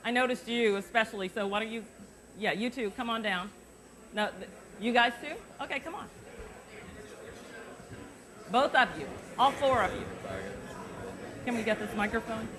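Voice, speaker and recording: A middle-aged woman, a journalist, teaching an interview workshop to students through a lapel mic, chatty and lively, drawing the room in with questions. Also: fairly high pitch, moderate pace, long pauses, crowd noise. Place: university forum hall. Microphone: lavalier.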